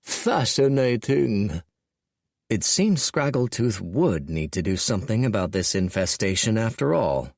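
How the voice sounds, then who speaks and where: A man narrating an audiobook in a measured, wry storytelling manner. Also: lowish voice, big pitch swings, no room sound, studio quality. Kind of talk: scripted narration.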